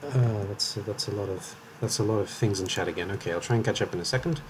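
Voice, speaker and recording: A man's voice: on the low side, quick pace, background noise. A man from Wales with a slight Welsh accent, commentating live on his game in a chatty, rambling way and often correcting himself. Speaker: streamer.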